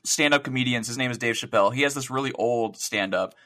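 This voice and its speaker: A man's voice: mid-range voice, fast talker, pushed and bright. A man co-hosting a gaming podcast in casual chat, rambling through stories, swearing and laughing at his own jokes. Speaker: podcast co-host.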